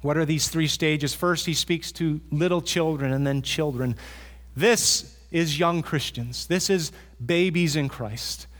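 A man's voice: fairly high pitch, measured pace, fairly bright tone, in a large hall. A man preaching a sermon as the pastor, earnest, repeating key points for emphasis.

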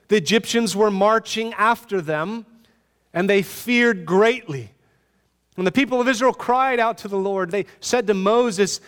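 A man preaching a sermon in an animated, conversational way, asking his listeners rhetorical questions. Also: sits high, long reverb tail. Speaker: pastor.

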